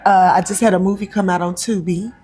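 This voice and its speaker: A woman from North Carolina, a guest talking casually in an interview, with many ums and pauses. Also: on the low side, fairly even intonation, warm tone, husky, soft background music. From North Carolina, USA. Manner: chatty, frequent ums and pauses. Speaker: actress and comedian guest.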